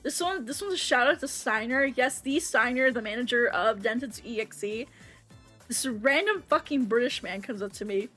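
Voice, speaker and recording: A woman streamer chatting casually to her livestream audience, animated and excitable, swearing freely and laughing often. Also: a little high, moderate pace, soft background music. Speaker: VTuber streamer.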